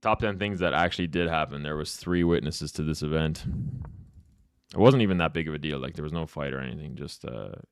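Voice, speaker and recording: A man's voice: very deep voice, a little fast, clear, resonant tone, dry recording. A young man live-streaming chess, ranting profanely at his chat and telling a story in between.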